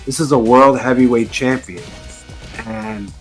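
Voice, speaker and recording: A man's voice: mid-range voice, fairly even intonation, unhurried, soft background music. A man co-hosting a casual wrestling podcast, giving blunt, heated, profane opinions. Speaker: podcast co-host.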